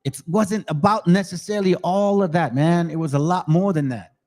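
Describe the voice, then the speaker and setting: A man giving a casual, excitable scripture study, reading verses and then explaining them in slang, often repeating words. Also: high-pitched, normal speed. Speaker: bible teacher.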